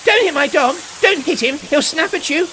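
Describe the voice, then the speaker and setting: A headstrong tomboy girl speaks firmly and briskly in a storybook reading, voiced by the narrator. Her voice lifts and moves a lot, with hiss beneath. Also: mid-range voice, sing-song, fairly bright tone, voice pushed up. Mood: alarmed. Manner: brisk, firm. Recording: hissy home recording.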